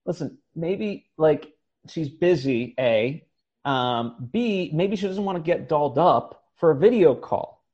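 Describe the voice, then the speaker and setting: Male host, meandering and filler-heavy, fairly high voice, slightly muffled sound. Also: expressive, takes it slowly, darkish tone. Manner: rambling, hesitant, many fillers. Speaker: podcast host. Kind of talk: casual podcast chat.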